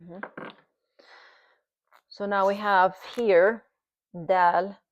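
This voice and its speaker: A woman's voice: medium pitch, fairly even intonation, extremely slow, dry recording, highs cut off. A woman teaching recitation at a board, explaining patiently and demonstrating each sound several times.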